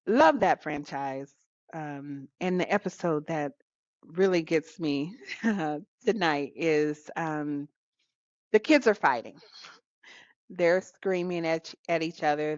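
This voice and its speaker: Woman co-host, casual and chatty, given to laughing; lowish voice, muffled dry podcast sound. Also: no room sound. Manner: chatty, laughs often between thoughts.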